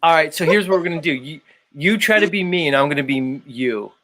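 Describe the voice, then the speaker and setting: A man's voice: a little high, fast, sharp tone. A man hosting a livestream, ranting emphatically and swearing often. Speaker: livestream host. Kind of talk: profane rant.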